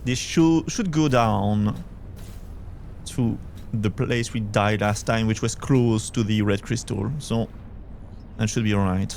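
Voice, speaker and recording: A man's voice: on the low side, slow pace, creaky, darkish tone, a little hiss or hum. A young man with a Belgian French accent, chatting casually as he streams a game and answers his chat. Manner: chatty, thinks aloud, reads chat. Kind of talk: casual gameplay commentary.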